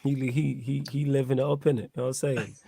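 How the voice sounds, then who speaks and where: A man hosts a casual football chat, talking in quick slang and laughing easily. His voice sits at an everyday pitch and sounds close and dry, with no room around it. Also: gravelly, breathy edge, dry recording. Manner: animated, slangy, laughs often. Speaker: podcast host.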